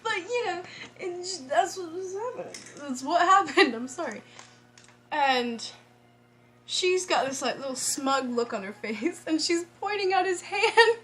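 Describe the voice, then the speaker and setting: Woman, high voice, casual vlog storytelling, excitable, laughs a lot, restarts sentences. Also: unhurried, slight background noise. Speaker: vlogger.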